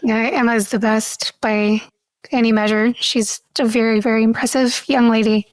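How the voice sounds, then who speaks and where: Curious higher-pitched woman co-host. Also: little pitch movement, normal speed, dry recording. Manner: curious, laughs easily, asks questions. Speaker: podcast co-host. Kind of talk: casual chat.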